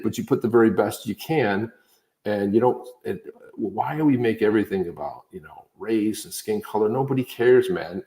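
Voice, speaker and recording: A man co-hosts a casual political podcast chat and rambles through his points, full of restarts and fillers. His voice sits low and mellow. The room around him rings with a noticeable echo. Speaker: podcast co-host. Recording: roomy echo.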